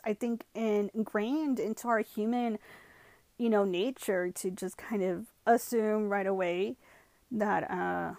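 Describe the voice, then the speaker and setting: In this dry recording, a vlogger recounts something from her own life, her mid-range voice carrying a darkish tone. Her chatty delivery moves back and forth between Spanish and English, packed with the fillers "like" and "you know."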